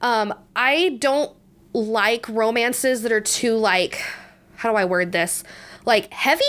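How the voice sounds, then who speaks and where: A woman's voice: a little high, expressive, slow pace, sharp tone. Chatty congested young woman podcaster. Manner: chatty, laughs often, many fillers and restarts. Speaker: podcast host. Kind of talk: casual book review podcast.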